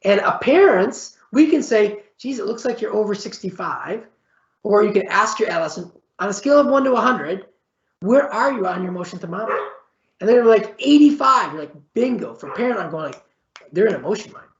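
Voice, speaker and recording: Gravelly man giving a webinar talk. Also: lively intonation, brisk. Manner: conversational, repeats "all right?" and "right?" as check-ins; acts out short exchanges with varied pitch. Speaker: psychology professor presenting a webinar. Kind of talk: webinar lecture. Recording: echoey, muffled webinar audio.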